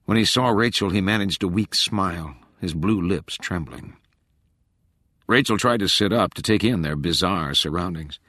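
A man reading a thriller audiobook in measured, dramatic narration. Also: sits low, pushed and bright, dry recording, studio quality.

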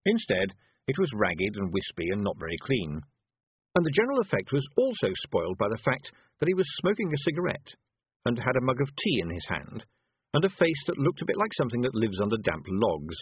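Man reading a storybook, lively up and down delivery, dry tinny audio. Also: mid-range voice, a little fast, husky, no echo. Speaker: audiobook narrator. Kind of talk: scripted narration.

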